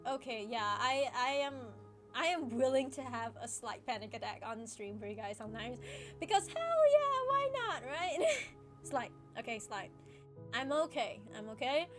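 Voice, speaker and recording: A high, swooping woman's voice talks casually to her stream while crying, breaking into laughter through the tears. She apologizes often and stumbles over restarts. Soft background music plays faintly behind her. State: tearful, crying while talking. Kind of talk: casual live-stream chat to viewers.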